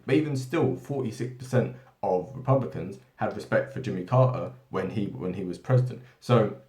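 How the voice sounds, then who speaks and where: Male commentator raised in Britain, lowish voice, off-the-cuff monologue, restarts constantly, roomy echo. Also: a little mellow. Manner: rambling, many tag questions and restarts. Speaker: political commentary channel host. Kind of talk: unscripted monologue. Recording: echoey room.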